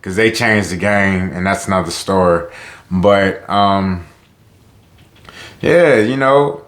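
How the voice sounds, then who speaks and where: Virginia guy w tidewater accent, lowish voice, loose cussing rant that gets heated. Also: slow, a bit bright. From Newport News, Virginia. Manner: loose and profane, heats up with rising pitch on social topics. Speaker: vlogger. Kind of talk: casual monologue.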